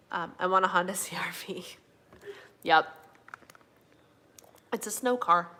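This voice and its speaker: A woman's voice: mid-range voice, sharp tone. A woman hosting a casual live chat, reading viewer comments aloud and answering them with lots of fillers. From Minnesota, USA. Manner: chatty, fillers and yawning, says y'all. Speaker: livestream host.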